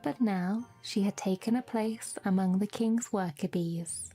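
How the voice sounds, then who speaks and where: Slow, mellow British woman storyteller. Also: mid-range voice, breathy edge, faint music behind. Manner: measured, fairy-tale storyteller. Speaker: narrator of a debut intro. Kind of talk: scripted storytelling narration.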